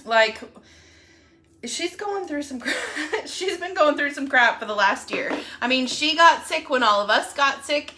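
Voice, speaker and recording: A bright, high-pitched young woman talks in a casual live video chat. She gushes and rambles, with plenty of fillers between her thoughts. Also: a little slow. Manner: excitable, gushing, rambling with fillers. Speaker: wellness app promoter.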